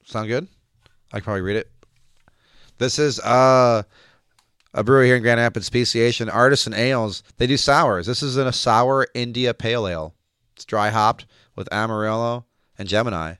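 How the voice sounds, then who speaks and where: A man co-hosts a laid-back beer-tasting podcast from a studio, firing off puns and laughing a lot. His mid-range voice moves at a moderate pace with a fairly bright, clean tone, and the recording is dry.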